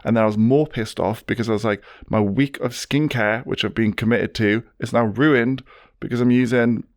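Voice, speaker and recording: Animated man telling stories. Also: medium pitch, normal speed, no echo, studio quality. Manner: animated storyteller, swears casually. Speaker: podcast co-host. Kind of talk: casual chat.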